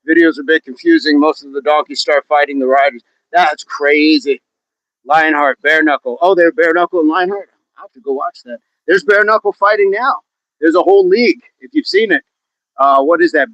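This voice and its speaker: Joking man, slightly high voice. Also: a bit bright, no echo. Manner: joking, chatty, laughs often. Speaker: fitness livestream host. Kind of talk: casual livestream chat reading viewer comments. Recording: dull, dry, lo-fi sound.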